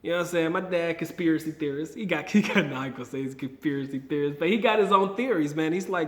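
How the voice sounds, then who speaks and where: A man's voice: fairly high pitch, quick pace, hardly any pauses. A man vlogging casually to camera, slangy and emphatic, repeating his points for effect. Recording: roomy echo.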